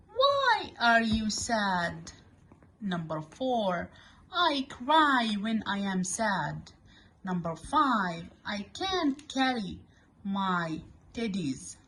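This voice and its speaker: A woman with Arabic as her first language teaches English to small children. Her pace is unhurried, with long pauses between words, and her pitch sits in the middle of the range. She repeats each word so beginners can follow along. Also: fairly bright tone, a little hiss or hum.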